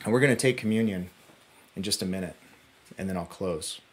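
A man preaching a sermon as pastor, earnest, his phrases dropping to a hush and then building to urgent peaks. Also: brisk, a little hiss or hum. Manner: earnest, swinging between hushed low phrases and rising urgent peaks.

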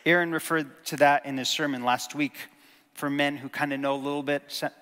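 A man's voice: a little high, steady tone, fairly quick, pushed and bright. A man preaching a sermon, earnest and emphatic, teaching with rhetorical questions. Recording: long hall reverb.

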